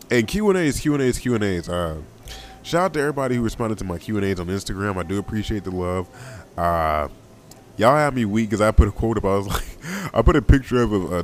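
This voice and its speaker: A young man hosting a casual solo podcast, talking in a loose, rambling, slangy way and often repeating himself. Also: on the low side. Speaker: podcast host.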